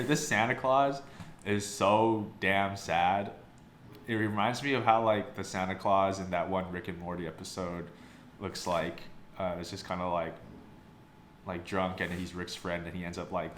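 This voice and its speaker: Laid-back young male reviewer, deep voice, rambly and profane, echoey room with faint background hiss. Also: steady tone, moderate pace, a bit bright. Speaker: photobook reviewer. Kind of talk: casual review chat. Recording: roomy sound with faint background noise.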